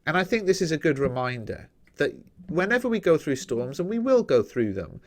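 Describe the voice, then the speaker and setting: A man's voice: fairly high pitch, big pitch swings, a little fast. A man with an English accent teaching a Bible study lesson in a conversational, explanatory way, often checking in with "okay?".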